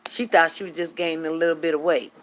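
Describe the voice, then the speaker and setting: A middle-aged woman hosting a casual live chat, telling stories in an animated, chatty way and acting out what people said. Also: low-pitched, fast. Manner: chatty, animated, acts out quotes, drawls. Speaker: host greeting live viewers.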